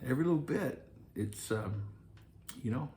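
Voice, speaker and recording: A man's voice: mid-range voice, animated, normal speed, darkish tone, slight background noise. A man from Arkansas, an actor, telling a wry, self-deprecating story about an audition. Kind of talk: anecdotal storytelling.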